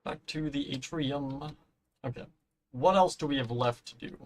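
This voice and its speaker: A man's voice: on the high side, a little slow. A man chatting casually on a live stream while building in a game, rambling, humming to himself and swearing offhand, his voice giving out.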